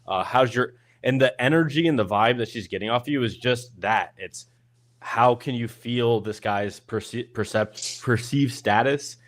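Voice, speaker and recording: A man's voice: medium pitch, measured pace. A man in casual group talk, rambling a little and restarting his words as he explains. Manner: rambling, restarts words, animated quoting of others. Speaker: podcast host. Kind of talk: casual group chat on a stream.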